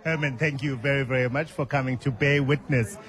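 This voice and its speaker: A man hosting a radio talk show from the studio, a measured, friendly interviewer. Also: medium pitch, fairly even intonation, fairly bright tone, soft background music. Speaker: radio host.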